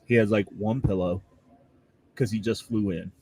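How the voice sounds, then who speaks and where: A man's voice: on the low side, steady tone, moderate pace, warm tone, husky, dry recording. A man at a tabletop game describing his character in a rambling way, full of fillers.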